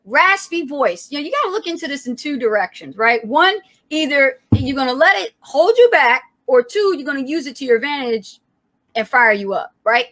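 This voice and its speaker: A woman co-hosting a live coaching stream, energetic and motivational, speaking with a public speaker's projection and greeting viewers by name. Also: high-pitched, normal speed. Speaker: co-host of a live coaching show.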